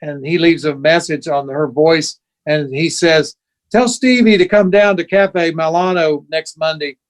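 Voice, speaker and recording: A man in his sixties spins a story for an interview, animated and expressive. He acts out the voices of the people he quotes. His voice sits fairly high for a man. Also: a little slow. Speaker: guest musician.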